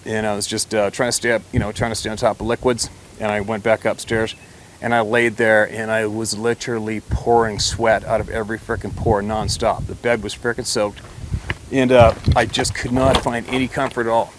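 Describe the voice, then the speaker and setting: A man's voice: fairly low pitch, flat delivery, normal speed, background noise. A man telling a personal story to camera in a rambling, blunt way, with mild swearing and frequent restarts.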